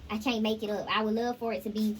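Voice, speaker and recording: A woman's voice: on the high side, flat delivery, fast talker, slight background noise, low-quality recording. A woman giving a casual tarot reading, talking straight to viewers and breaking into song snippets. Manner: chatty, sings snippets, addresses viewers directly. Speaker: tarot reader.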